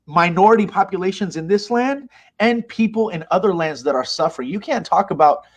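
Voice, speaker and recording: A man's voice: high voice, expressive, fairly quick. A man being interviewed, speaking in an impassioned, emphatic way and retelling events with animation. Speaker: interview guest, mosque leader. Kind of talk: conversational interview.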